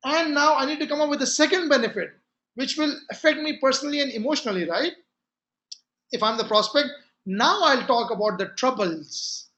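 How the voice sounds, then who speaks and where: A man's voice: very high-pitched, fairly quick, pushed and bright, highs cut off. A man giving a sales training talk, emphatic and repeating his key phrases with frequent restarts.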